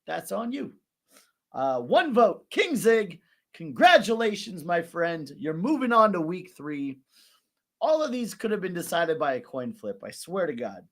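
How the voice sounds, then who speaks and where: A man's voice: high voice, sing-song, unhurried, a bit bright. A man hosting an online rap tournament recap, talking in a casual, joking and profane way.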